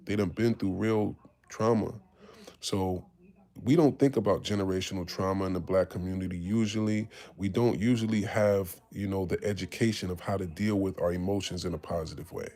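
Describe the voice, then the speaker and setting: A man's voice: sits low, fairly even intonation, brisk, dark tone. Candid New man telling stories. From Harlem, New York. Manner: candid, profane, acts out quoted voices. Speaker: podcast host. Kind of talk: casual storytelling talk.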